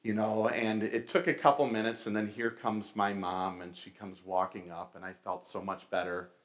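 A man's voice: fairly low pitch, little pitch movement, normal speed. A middle-aged man giving a conversational sermon, telling stories and calling his listeners folks. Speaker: pastor.

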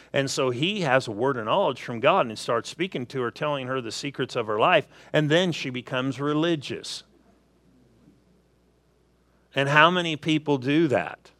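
A man's voice: mid-range voice, dry recording. A man preaching a sermon, telling everyday stories and acting out little asides to make his points. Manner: animated storytelling with acted asides.

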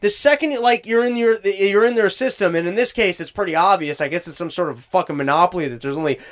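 Man, high voice, exasperated profane storyteller in casual talk, plays both parties of a call. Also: quick pace. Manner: profane, exasperated ranting, acts out both sides of calls. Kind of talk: casual chat.

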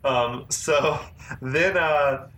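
A man's voice: medium pitch, very slow, pushed and bright. A man co-hosting a podcast, recapping a movie scene by scene in casual chat, laughing often. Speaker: podcast co-host. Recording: echoey room with faint noise.

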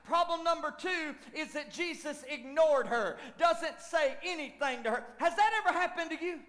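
Man, lead pastor, sermon, shouts and near whispers, very high pitch, echoing church hall. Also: moderate pace, hardly any pauses. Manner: animated preaching, shouting at peaks and dropping to near whispers. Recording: long church hall reverb.

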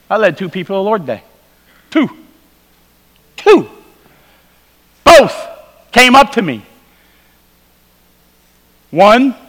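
A man preaching at a revival, telling stories and moving between quiet asides and loud calls to the congregation. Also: high-pitched. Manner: storytelling, swings from quiet asides to loud exhortation. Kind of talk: sermon. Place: church sanctuary. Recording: hall reverb.

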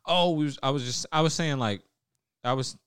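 A man's voice: fairly high pitch, a little fast, fairly bright tone, clear, resonant tone, no echo, clean studio sound. A young man hosting a casual podcast, talking loosely with lots of swearing, trailing off and restarting. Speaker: podcast host.

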